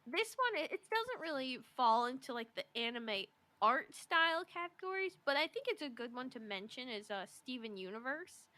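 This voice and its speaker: A young woman co-hosting a podcast, talking earnestly and haltingly with many fillers. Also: high-pitched, sing-song, sharp tone, no room sound. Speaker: podcast co-host. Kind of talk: casual chat.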